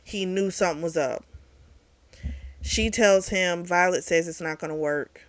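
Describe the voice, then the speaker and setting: A woman hosting a book club channel, recapping a novel in a casual, animated way and swearing freely. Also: lowish voice, measured pace, no echo.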